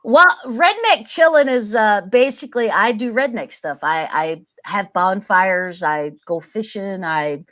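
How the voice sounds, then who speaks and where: A woman's voice: mid-range voice, measured pace, few pauses, a bit bright. A woman guest on a podcast, talking in a laid-back, plain-spoken, folksy way. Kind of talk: casual chat.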